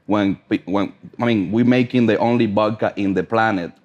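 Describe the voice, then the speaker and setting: A man's voice: lowish voice, steady tone, normal speed, a little mellow, dull audio. A man speaking English with a non-native accent, chatting bluntly as a podcast guest with plenty of swearing. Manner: blunt, profane, emphatic storytelling. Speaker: podcast guest, brand ambassador. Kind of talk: casual podcast chat.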